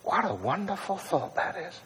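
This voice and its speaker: Man, preacher, conversational sermon, hushed prayerful asides, slightly high voice, long church reverb. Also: big pitch swings, husky. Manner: conversational, shifts between brisk asides and hushed prayerful tones.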